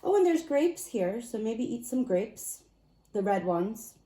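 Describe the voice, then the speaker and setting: This woman's voice is high and mellow, very animated yet unhurried, as she casually reads tarot and oracle cards in a rambling, chatty, self-amused style. Her distant mic picks up a roomy echo.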